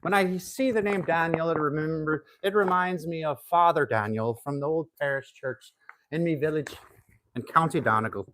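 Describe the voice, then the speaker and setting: A man's voice: on the high side, brisk, hardly any pauses, noisy background, natural voice. Man putting on a cheeky Irish huckster. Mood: fond. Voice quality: put-on Irish brogue. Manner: salesman patter, teasing.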